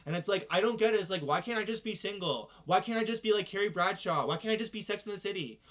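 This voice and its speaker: A man's voice: sits high, fast talker, few pauses, fairly bright tone. A man from Canada ranting in a casual, profane monologue about his family. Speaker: influencer. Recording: dull lo-fi recording.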